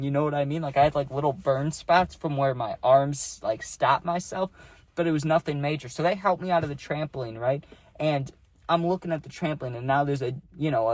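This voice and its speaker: A man's voice: mid-range voice, no room sound. A young man telling a rambling storytime, full of fillers like "dude" and "like". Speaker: vlogger. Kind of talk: casual storytime.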